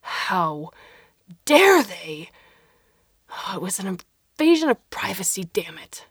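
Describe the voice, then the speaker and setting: A man's voice: sits high, sing-song, moderate pace, vocal fry, husky, no room sound, studio quality, heavily acted. Woman reading as an impulsive older man. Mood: furious. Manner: blurts short anxious exclamations. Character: older widowed man, impulsive and quick-tempered.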